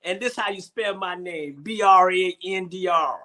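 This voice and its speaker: A man's voice: high voice, normal speed, sharp tone. A man hosting a casual comedy chat, rambling and repeating himself with frequent laughs. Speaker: host.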